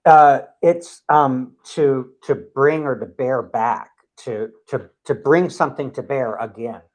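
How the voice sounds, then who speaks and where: A man speaking in a measured, conversational way, thinking aloud as he talks. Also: mid-range voice. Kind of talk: reflective conversational talk.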